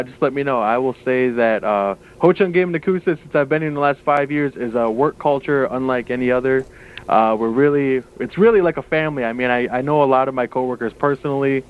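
A man calling in as a guest to promote his workplace, upbeat and full of "uh" fillers, heard over the phone. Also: mid-range voice. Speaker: guest, casino staff member. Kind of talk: promotional radio interview by phone. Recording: tinny phone line.

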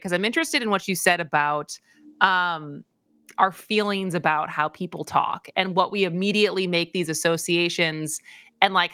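Radio host lady, bright voice, dry close mic, talks fast to beat the break. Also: medium pitch, no echo. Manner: chatty, rushing through questions with "like" fillers. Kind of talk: radio talk show hosting.

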